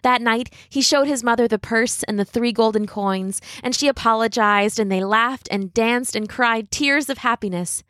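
A woman narrating a fairy tale in a scripted, expressive way, slowing down for dramatic moments. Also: on the high side, no echo, clean studio sound. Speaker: storyteller.

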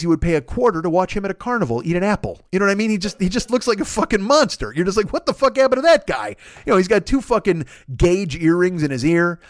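A man's voice: high-pitched, dry recording, clean studio sound. A man telling a long comic story, swearing freely and acting out every voice in the exchange. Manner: animated, swearing, acts out both sides of the dialogue. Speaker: podcast host.

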